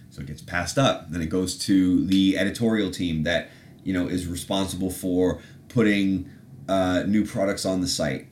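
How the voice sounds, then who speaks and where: A man's voice: low voice, steady tone, normal speed, a little mellow, a little hiss or hum. A man hosting a podcast in casual chat, rambling, sarcastic and profane. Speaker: podcast host.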